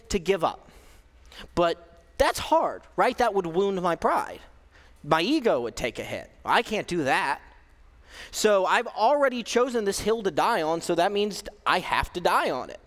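Young male preacher, high voice, casual sermon delivery with fillers, reverberant hall. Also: sing-song, a little slow, fairly bright tone. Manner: conversational, self-deprecating, frequent fillers and restarts.

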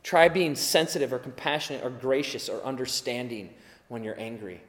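A man's voice: medium pitch, normal speed, fairly bright tone, reverberant, big-room sound. A man preaching a sermon in a conversational way, acting out quoted voices now and then.

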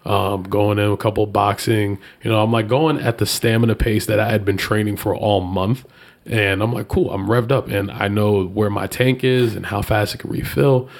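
A man in a casual chat, telling a story and voicing the people in it, leaping up in pitch when he quotes them. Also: moderate pace. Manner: animated, jumps high when quoting people.

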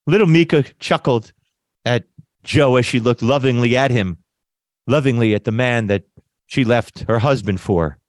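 On his conservative talk radio program, a congested man rambles on, keeps correcting himself and lets out mocking laughs. He speaks in a mid-range, darkish voice. The studio sound is clean with no echo.

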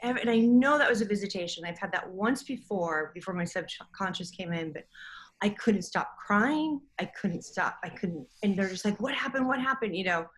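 A woman's voice: medium pitch, lively intonation, moderate pace, low-quality recording. A middle-aged woman in casual podcast chat, telling a story in an emotional, rambling way.

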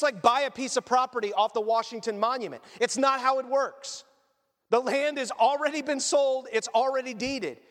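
A man preaching a sermon as pastor, animated and dropping joking asides. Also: very high voice. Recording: long reverb of a large room.

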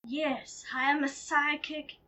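A theatrical old psychic medium, as a woman puts her on for a comedy podcast. The voice sits high. She intones slow, hammy mystical pronouncements about spirits. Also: level tone, sharp tone, heavily acted.

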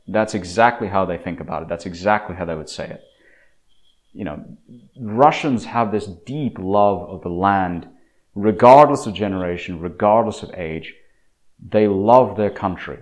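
A man talks through a long commentary monologue in a lowish voice. He is opinionated and emphatic, often restarting phrases and filling pauses with "uh" and "um" as he builds his case. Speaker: political commentator.

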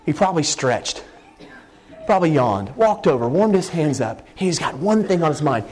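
Animated male preacher mid-sermon. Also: on the high side, moderate pace. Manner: animated, exclaiming, acts out scenes.

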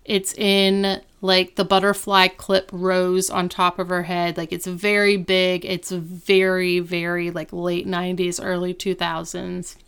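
Chatty young woman with a smooth voice. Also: fairly low pitch, completely flat delivery, a bit bright. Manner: chatty, quick retelling with lots of "like". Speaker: podcast co-host. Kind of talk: casual recap chat.

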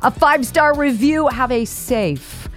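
A woman radio host telling corny jokes in casual banter, animated and giggly. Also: high voice, a little slow, faint music behind. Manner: animated, giggly, exaggerated joke voices.

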